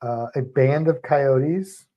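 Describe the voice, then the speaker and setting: A man's voice: medium pitch, dull audio. A man co-hosting a livestream, chatting casually and rambling with fillers. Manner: relaxed, rambling, halting with fillers. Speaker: livestream co-host. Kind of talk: casual chat.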